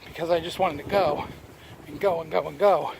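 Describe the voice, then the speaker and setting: A man's voice: on the high side, steady tone, a little fast, vocal fry, darkish tone, slight background noise. A man from New Jersey talking to his camera as he walks outdoors, rambling with many fillers and restarts. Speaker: vlogger. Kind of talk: walking vlog talking to camera. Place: outdoors on a walk. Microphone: handheld camera while walking.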